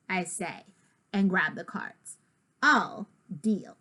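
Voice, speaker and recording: A woman reading a children's picture book aloud, with lively, expressive delivery and asides to the listener. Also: on the low side, slow. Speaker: storybook reader.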